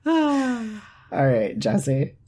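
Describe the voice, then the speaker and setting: A woman hosting a casual podcast chat, dry and relaxed as she introduces segments. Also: fairly high pitch, breathy edge. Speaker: podcast host.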